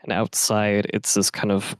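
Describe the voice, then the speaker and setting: A man with a low, fairly deep voice runs a tabletop game, describing scenes in a loose, casual way. The sound is dry and close, with almost no room around it. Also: a little slow, clean tone, dry recording. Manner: casual, relaxed scene-setting with fillers. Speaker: game master.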